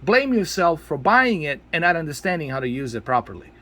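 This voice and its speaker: A man's voice: a little high, big pitch swings, fairly quick, pushed and bright. A man scolding his viewers in a ranting video commentary, exasperated and repeating himself for emphasis. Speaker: tech video creator.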